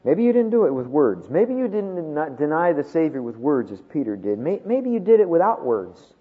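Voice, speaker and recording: A man preaching a sermon, with dramatic swings from loud emphasis to hushed tones. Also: a little high, big pitch swings, moderate pace, husky. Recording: tinny phone-like sound with long hall reverb.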